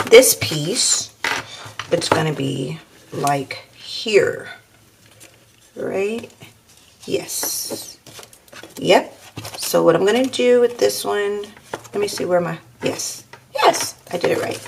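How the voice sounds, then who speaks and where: A woman talks viewers through a craft project at an unhurried pace, musing aloud and calling them y'all. Her voice sits low with a gravelly fry. Clinks of dishes and cutlery come through in the background. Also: noisy background. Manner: chatty, thinks aloud, addresses viewers as y'all. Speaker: crafting channel host. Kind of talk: casual craft tutorial talk.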